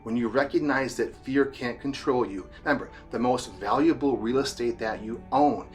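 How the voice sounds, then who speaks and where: A man's voice: mid-range voice, moderate pace, faint music behind. A man who is a therapist, giving a blunt, profane motivational talk in a street-wise, emphatic way.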